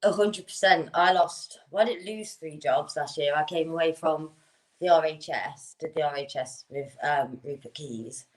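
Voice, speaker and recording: A woman's voice: deep voice, moderate pace. A woman who works as a bricklayer, a guest on a talk show, speaking bluntly and laughing as she tells stories. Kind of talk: casual chat.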